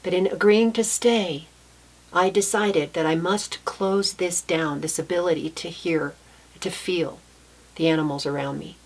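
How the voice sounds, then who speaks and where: A woman with a fairly low voice tells a story from her own childhood. She speaks softly and thoughtfully, pausing to correct herself now and then. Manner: soft-spoken, reflective, with small restarts. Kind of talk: personal storytelling.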